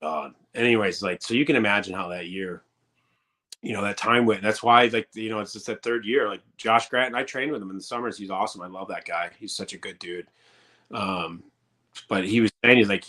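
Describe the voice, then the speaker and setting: A man's voice: fairly low pitch, fairly quick, sharp tone. A man in his thirties, a former pro hockey player, telling rambling, profane stories in a casual interview. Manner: rambling and profane, many fillers.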